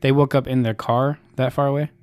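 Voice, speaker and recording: A man's voice: mid-range voice, little pitch movement, a little fast, smooth, no echo. A young man co-hosting a podcast in casual chat, skeptical and joking, swearing freely. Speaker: podcast co-host.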